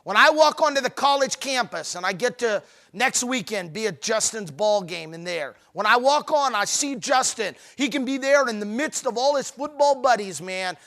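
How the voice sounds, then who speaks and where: A middle-aged man speaking at a marriage seminar, telling humorous stories with animated, playful self-mockery. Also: extremely high pitch, normal speed, hardly any pauses. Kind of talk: humorous seminar talk to couples.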